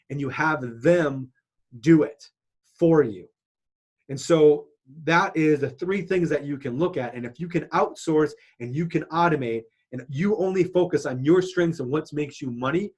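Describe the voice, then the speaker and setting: A man teaching an online marketing course lesson, talking casually with fillers and restarts, sharing his screen. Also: a little high. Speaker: marketing instructor.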